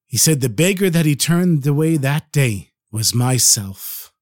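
A man telling a traditional story in a gentle, earnest way, dropping in Hebrew and Yiddish words. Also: medium pitch, lively intonation, moderate pace, hardly any pauses, no room sound, studio quality. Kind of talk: storytelling narration.

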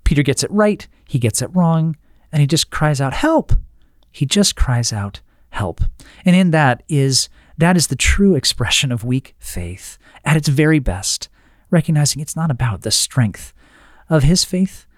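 An earnest man teaching a devotional talk in a slightly higher voice. He restarts his phrases and keeps checking in with his listeners. The sound is close and dry. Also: animated, unhurried, no room sound. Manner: earnest, with frequent restarts and tag questions. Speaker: Christian teacher.

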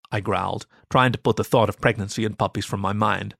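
A man reading an adult story aloud as its narrator, in an expressive, animated way. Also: fairly low pitch, a little fast, vocal fry, hardly any pauses, no room sound, clean studio sound. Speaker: story reader.

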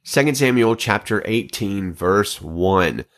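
A man hosting a podcast, reading scripture and an old letter aloud in a measured, earnest way with occasional stumbles. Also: on the low side, animated, fairly bright tone. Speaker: podcast host.

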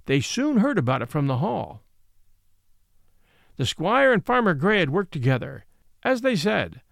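Lively, expressive male storybook narrator. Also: high voice, creaky, dry recording, studio quality. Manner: expressive reading with distinct character voices. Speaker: audiobook narrator.

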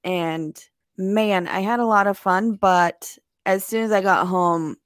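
A woman's voice: medium pitch, slow pace, no echo, studio quality. A young woman co-hosting a podcast, chatting casually and laughing often at herself. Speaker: podcast co-host. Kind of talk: casual chat.

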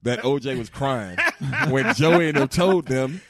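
A man in his forties from Georgia spins a story in casual talk, middle-pitched and lively. He acts out quoted people with sudden higher voices. The sound is dry and close to the mic. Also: measured pace, dry recording. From Georgia, USA. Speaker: guest, former football player.

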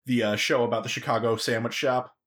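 A man co-hosting a casual comedy podcast, animated and laughing often. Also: medium pitch, brisk. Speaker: podcast co-host.

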